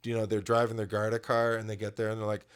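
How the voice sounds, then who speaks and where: A man's voice: fairly low pitch, monotone, fast, clear, resonant tone. A man co-hosting a podcast, chatting earnestly in long run-on thoughts. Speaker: podcast co-host. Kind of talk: casual chat.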